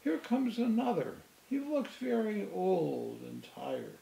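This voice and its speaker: A man voicing a cheerful little toy clown, calling out high and excited. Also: takes it slowly, gravelly, echoey room, heavily acted, poor audio.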